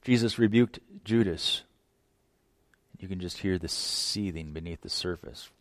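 A man's voice: deep voice, measured pace, no room sound. Emphatic preacher, man, dry close voice. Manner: emphatic, repeats words, many rhetorical questions. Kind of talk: sermon.

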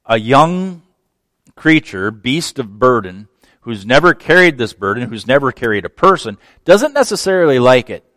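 A man preaching a sermon, telling a story with folksy asides, dropping to a near whisper and then rising to excited shouts. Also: mid-range voice, dry recording. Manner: lively storytelling, swings from hushed to shouting; laughs between phrases, folksy asides. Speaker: pastor.

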